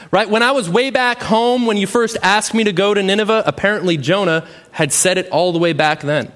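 A man's voice: fairly high pitch, moderate pace, few pauses, a bit bright. A man preaching a sermon in a conversational way, often adding "right?" and reading scripture aloud with rising emphasis. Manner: conversational, often adds "right?" as a tag question. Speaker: pastor.

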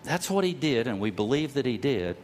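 A middle-aged man preaching a sermon, telling stories at an easy pace, slowing down to stress key words and sometimes rising to a loud cry. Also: mid-range voice, big pitch swings, slight background noise. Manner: storytelling preacher, slows for emphasis, rises to loud cries. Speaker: pastor.

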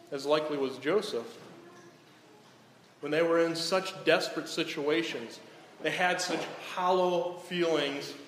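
A man preaching a sermon in a church hall, asking rhetorical questions and dropping to a hush on solemn lines. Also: on the high side, a little hiss or hum. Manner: rhetorical, often tags lines with "right?". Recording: echoey hall, faint ambience.

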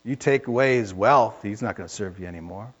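A preacher putting on a sneering Satan. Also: male voice, on the low side, brisk, a bit bright, husky, dull audio, voice pushed down. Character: scornful Satan, sneering male accuser.

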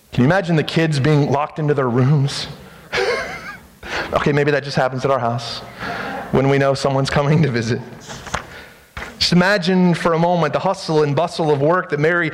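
A male pastor preaching a sermon in an animated, rhetorical way, repeating phrases for emphasis. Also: fairly high pitch. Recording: long hall reverb.

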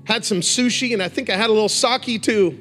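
Male revival preacher, high voice, fervent, faint music bed. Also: brisk. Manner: passionate, swings from hushed to rising exhortation. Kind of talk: sermon.

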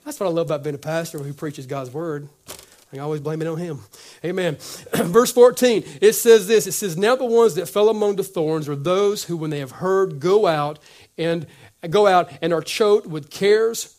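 A male pastor preaching a sermon, acting out little conversations and dropping to a near whisper at times. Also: a little high. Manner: animated, acts out dialogue, drops to whispers.

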